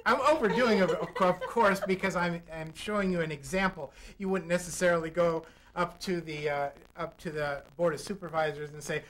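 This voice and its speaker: A man's voice: sits high, brisk, few pauses, fairly bright tone, a little hiss or hum, low-quality recording. A man speaking as a public speaking coach on a studio talk show, explaining technique and acting out examples. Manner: demonstrative, acts out vocal examples. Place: local TV studio.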